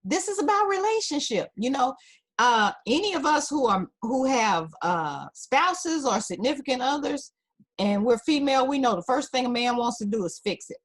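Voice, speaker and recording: A woman's voice: sits high, animated, normal speed. A woman counselor, a talk-show guest, giving parenting advice in an emphatic, teacherly way. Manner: emphatic, teacherly, repeats key points. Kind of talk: advice in an interview.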